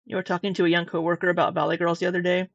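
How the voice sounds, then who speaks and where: A woman's voice: on the low side, level tone, rapid-fire, vocal fry, dry recording. A middle-aged woman doing casual reaction commentary, teasing, sarcastic and freely profane. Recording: dull, dry, slightly lo-fi sound.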